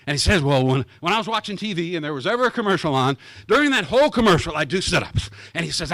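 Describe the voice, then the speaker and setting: Man from Iowa, guest speaker at a club; high, animated storyteller who acts out quotes. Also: quick pace, no room sound. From Iowa, USA. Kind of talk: storytelling speech to a club meeting. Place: country club meeting room.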